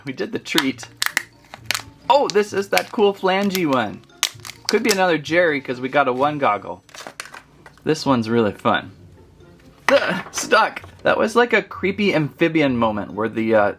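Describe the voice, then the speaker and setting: A man's voice: medium pitch, a bit bright. Chatty man reviewing toys. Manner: chatty, rambling, easily amused. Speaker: toy reviewer. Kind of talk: casual unboxing review.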